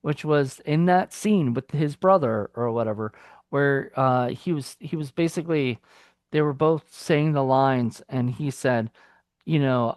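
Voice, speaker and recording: A man's voice: medium pitch, unhurried, darkish tone, no echo, clean studio sound. A man co-hosting a film review podcast in casual chat. He rambles loosely, with many fillers and restarts.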